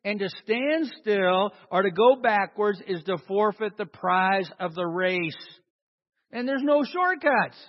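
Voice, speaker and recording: A man's voice: high-pitched, animated, takes it slowly. A man preaching a sermon to a congregation, emphatic and calling for responses. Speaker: pastor. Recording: dull sound in a long-reverb hall.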